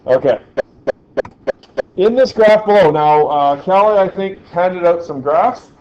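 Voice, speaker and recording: A man's voice: high-pitched, expressive, measured pace, muffled recording. A man teaching a physics lesson in a classroom, quizzing the class as he goes. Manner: chatty, asks the class questions. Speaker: science teacher.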